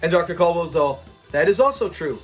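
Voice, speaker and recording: A man's voice: on the high side, animated, fairly quick, faint music behind. A man hosting a show review channel, chatting casually as he retells a sitcom episode, quoting lines in character and laughing often.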